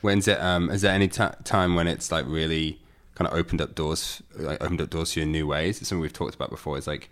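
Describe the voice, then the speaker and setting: Fast-talking deep-voiced male interviewer. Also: steady tone, clear, resonant tone. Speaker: interviewer host. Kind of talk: casual interview.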